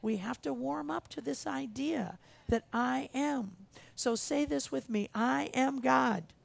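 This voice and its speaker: A woman's voice: sits high, unhurried, vocal fry, darkish tone. A woman minister preaching a sermon in an earnest, emphatic way, repeating her key phrases for weight. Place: church sanctuary.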